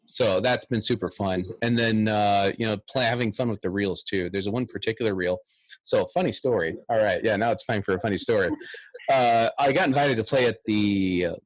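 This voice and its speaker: A man's voice: lowish voice, brisk, no room sound. A man in his thirties, a guest bagpiper, chatting animatedly in a podcast interview and humming tunes aloud.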